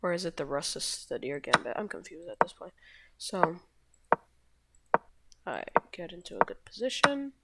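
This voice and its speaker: Woman host narrating chess moves; low voice that swings widely, offhand and self-correcting. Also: big pitch swings, normal speed, pauses often, heavy background noise. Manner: rambling, self-correcting, shrugs things off. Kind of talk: casual chess game walkthrough.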